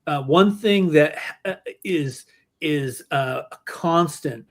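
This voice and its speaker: A man's voice: a little high, takes it slowly. A man hosting a podcast in casual chat, telling a joking story with many restarts. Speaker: podcast host.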